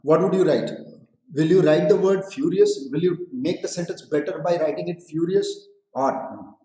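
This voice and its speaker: A man's voice: fairly high pitch, normal speed, warm tone. A man with an Indian English accent teaching a live online English lesson, explaining patiently, repeating phrases, asking students questions and slipping into Hindi. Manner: addresses students directly with questions. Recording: echoey room.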